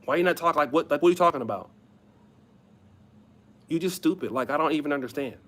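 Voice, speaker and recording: Guy imitating a bossy young woman, nagging, sweet but rude, bright voice. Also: fairly high pitch, lively intonation, fast.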